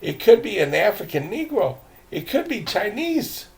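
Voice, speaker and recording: A man's voice: high-pitched, very animated, normal speed, gravelly, a little mellow, pitched above the performer's own voice, full character voice. An older man doing a stubborn young explorer. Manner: stubborn, inquisitive.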